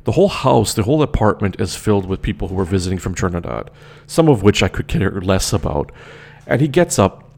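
A man's voice: deep voice, big pitch swings, fairly quick, creaky, a little mellow. A young man telling a story in a casual, indignant rant, swearing often and repeating himself.

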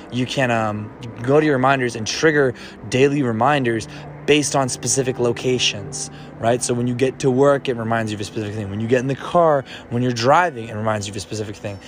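A man's voice: medium pitch, noisy background. Easygoing man giving a motivational talk. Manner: casual, playful, coaching, laughs often. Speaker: podcast host. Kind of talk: motivational self-help talk.

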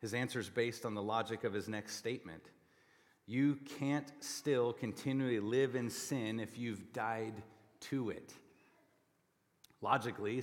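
A man preaching a sermon as pastor, explaining scripture and pressing his points with forceful repetition. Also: on the low side, big-room sound. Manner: emphatic, rising to forceful repetition. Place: church sanctuary.

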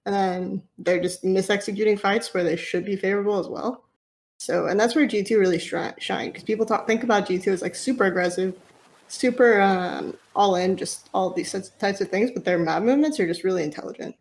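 A woman analyst in a casual panel discussion, talking through game strategy quickly with frequent restarts. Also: mid-range voice, darkish tone. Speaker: esports analyst.

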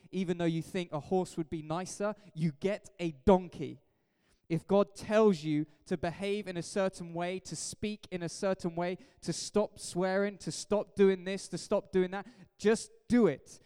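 A man's voice: high voice, warm tone, clear, resonant tone. A man, a pastor preaching an emphatic, jokey sermon in a church hall. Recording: echoey hall reverb.

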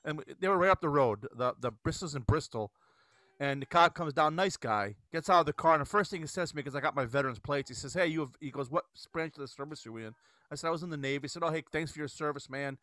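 Fast-talking, bright-voiced man telling a rambling story. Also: on the high side, no echo. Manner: rambling, animated storyteller with many restarts. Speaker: podcast host. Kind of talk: casual storytelling chat.

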